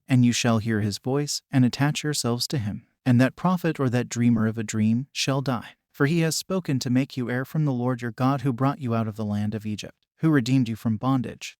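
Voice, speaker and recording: A man reading scripture aloud as an audiobook, in a steady, measured way. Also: medium pitch, dry recording, clean studio sound. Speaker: scripture reader.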